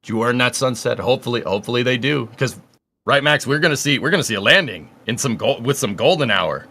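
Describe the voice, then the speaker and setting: Upbeat male stream host, bright tone, loose chatty delivery. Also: medium pitch, animated, quick pace. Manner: upbeat, chatty, reading out viewer messages. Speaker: livestream host. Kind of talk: casual livestream commentary.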